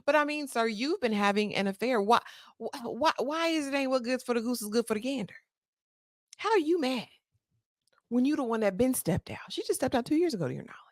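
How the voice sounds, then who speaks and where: A woman's voice: on the high side, lively intonation, brisk, no echo, clean studio sound. A woman recapping a TV episode in a sassy, chatty way with slangy asides. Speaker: TV recap host.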